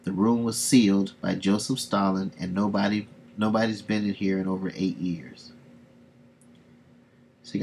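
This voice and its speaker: A man's voice: low voice, steady tone, normal speed, a little mellow, slight background noise. A man hosting a casual livestream, reading comics aloud and chatting to viewers, often laughing between remarks. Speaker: livestream host.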